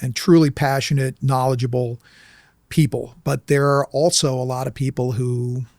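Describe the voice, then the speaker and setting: A man's voice: medium pitch, moderate pace, no echo, studio quality. A man telling an anecdote in casual talk as an interview guest, acting out the people in it. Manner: animated, acts out voices in anecdotes. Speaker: documentary filmmaker guest. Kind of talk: casual storytelling.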